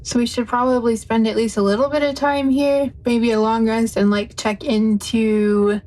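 A woman's voice: fairly high pitch, fairly even intonation, moderate pace, a little mellow. A woman playing a tabletop game, chatty and joking as she thinks aloud. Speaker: player. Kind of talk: casual tabletop game chat.

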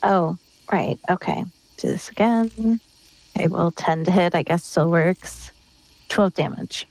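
A woman playing a tabletop role-playing game, asking about the rules in a casual, unhurried way. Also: on the low side, a little mellow, no room sound, rough recording. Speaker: player.

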